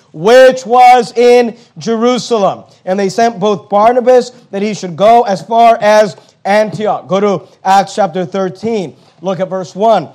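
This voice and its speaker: A man's voice: sits high, darkish tone. A man pastor preaching a sermon, stressing key words emphatically.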